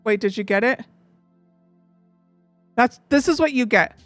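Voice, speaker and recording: A woman's voice: on the high side, measured pace, a bit bright, soft background music. A woman streamer chatting casually and openly, rambling with lots of fillers. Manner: open and emotional. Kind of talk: casual live-stream chat.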